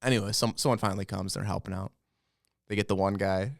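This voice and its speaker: A man's voice: low voice, fairly even intonation, quick pace, gravelly, no room sound, clean studio sound. A young man co-hosting a podcast, telling anecdotes in casual chat, acting out the people in them and swearing freely. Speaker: podcast co-host.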